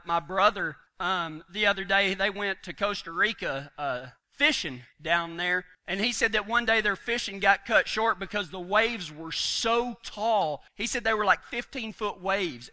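A man's voice: sits high, bright, forceful tone. A man preaching a folksy sermon, telling stories with homespun humor and chuckles.

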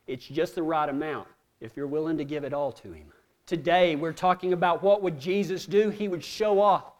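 Folksy pastor, lively voice. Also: male voice, on the high side. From Texas. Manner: folksy storytelling, swings from hushed to shouting. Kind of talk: sermon.

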